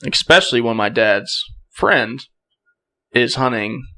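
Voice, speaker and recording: A young man, a guest on a podcast, tells a story casually and with energy. His voice sits at an ordinary middle pitch, and he acts out the voices of the people in his story. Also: takes it slowly. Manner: animated, acts out quoted voices.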